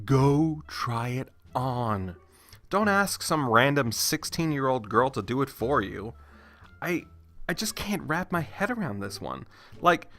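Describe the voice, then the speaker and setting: A man hosting a story channel, reading online stories aloud with expressive, exasperated asides. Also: medium pitch.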